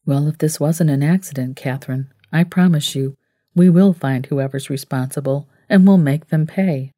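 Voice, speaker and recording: A steady, comforting man, voiced by a woman narrator in her low, mellow register. He talks calmly and gently, in a dry recording. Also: normal speed, dry recording. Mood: gentle. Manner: calm, reassuring.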